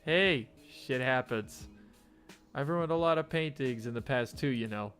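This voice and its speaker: A man voicing a blunt, gruff young female alligator art student in a game. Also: medium pitch, measured pace, a bit bright, faint music behind, close to an everyday voice.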